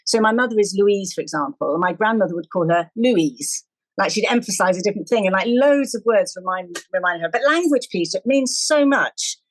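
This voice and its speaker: A woman co-hosting a podcast, talking in a lively, opinionated way that tips into a rant. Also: medium pitch, fast talker, hardly any pauses, dry recording, poor audio. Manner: animated, opinionated, ranting at times. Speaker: podcast co-host. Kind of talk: casual chat.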